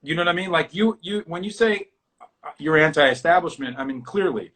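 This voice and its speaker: Male talk host, animated and crude, slightly high voice. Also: brisk. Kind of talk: casual interview chat.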